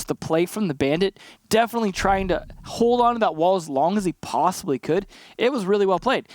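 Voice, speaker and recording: A man's voice: a little high, no room sound. A man giving casual, analytical color commentary on an esports match, laughing easily between points. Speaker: esports caster.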